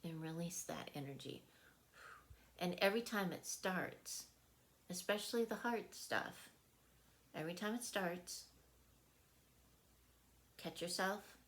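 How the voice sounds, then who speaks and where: Slow, low-voiced woman wellness coach. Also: fairly bright tone. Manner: earnest, repetitive, checks in with "right?". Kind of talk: casual spiritual wellness talk.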